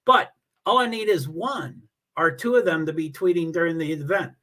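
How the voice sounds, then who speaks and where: A man's voice: fairly high pitch, moderate pace, bright, forceful tone. A man hosting a casual livestream from home, chatting alone and reading viewer comments aloud in a rambling, self-deprecating way.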